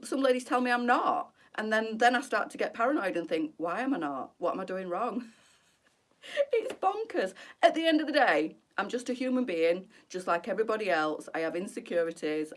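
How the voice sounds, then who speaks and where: A middle-aged woman with a fairly low voice talks openly to her viewers on a live stream. She is candid and emotional, answering comments one by one in a chatty, heartfelt way. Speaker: boutique presenter on a live stream.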